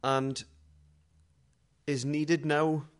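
A middle-aged man preaching a sermon in a conversational, humorous way, moving between quiet asides and loud dramatic readings. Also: on the high side, flat delivery, extremely slow.

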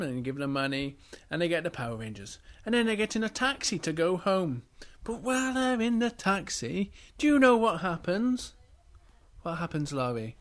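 Dad telling a made-up story, playful, quizzes the child, lively pitch. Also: male voice. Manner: playful, asks the child questions. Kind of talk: improvised bedtime story.

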